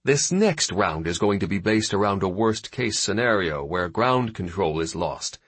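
Narrator playing a wry older admiral, measured and slow, husky, dry studio sound. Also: male voice, deep voice, animated, a bit bright, dry recording, exaggerated voice. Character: seasoned male fleet admiral, dry wit.

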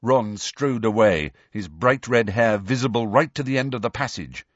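A man reading a novel aloud as an audiobook narrator, measured and even. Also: lowish voice, dry recording, lo-fi sound.

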